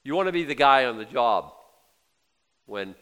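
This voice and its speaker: A man's voice: mid-range voice, expressive, normal speed, fairly bright tone, clear, resonant tone. An older man in his sixties preaching a sermon in a conversational way, acting out quotes in little voices. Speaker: pastor.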